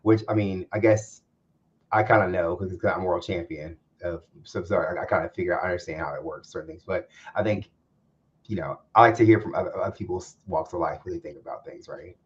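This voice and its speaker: A lower-voiced man co-hosting a loose news chat. He stammers, repeats himself and laughs often, and the sound is a bit dull and lo-fi. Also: a little fast. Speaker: co-host.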